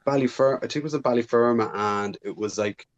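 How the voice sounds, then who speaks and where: A man's voice: mid-range voice, fast talker, muffled recording. A man, a wrestler guest on a podcast, chatting casually and rambling with lots of fillers.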